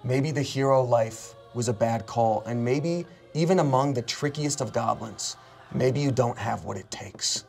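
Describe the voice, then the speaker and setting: Animated man narrating as game master. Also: mid-range voice, measured pace, gravelly, soft background music. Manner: animated, cinematic storytelling.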